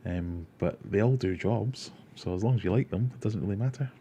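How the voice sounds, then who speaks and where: A man's voice: fairly low pitch, a little fast, dark tone, slight background noise. A man hosting a casual livestream, rambling, joking and reading viewer comments aloud. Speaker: aquarium livestream host.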